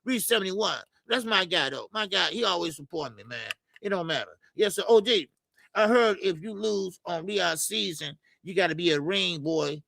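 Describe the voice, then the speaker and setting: Gravelly, high-voiced man hosting a boxing stream. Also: animated, moderate pace, sharp tone, no room sound. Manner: loose and profane, lots of filler stammers. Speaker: boxing show host. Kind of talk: casual live-stream chat reading comments.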